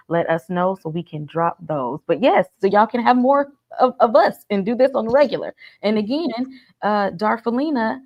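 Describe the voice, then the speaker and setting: A woman's voice: medium pitch, darkish tone, muffled recording. A woman co-hosting a live fan discussion, chatting casually and reading out viewer messages and thanks. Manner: reads super chats, thanks viewers. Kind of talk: casual live-stream chat.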